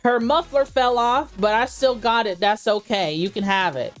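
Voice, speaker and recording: A woman voicing a folksy rural seller of a used pickup truck, talking slowly in a homespun way. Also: on the high side, faint music behind, voice pushed up, lightly acted.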